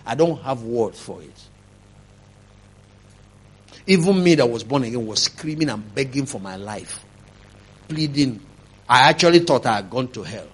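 A man preaching a sermon, telling a testimony, swinging from quiet telling to loud, emphatic preaching. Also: animated, a little slow, pauses often, husky. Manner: rising to loud emphatic preaching, then dropping low.

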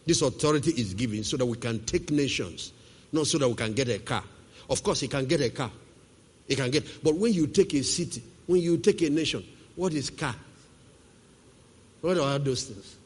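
A man preaching a sermon, who puts questions to the congregation and swings from forceful to hushed. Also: medium pitch, animated, normal speed, husky. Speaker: pastor. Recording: reverberant hall.

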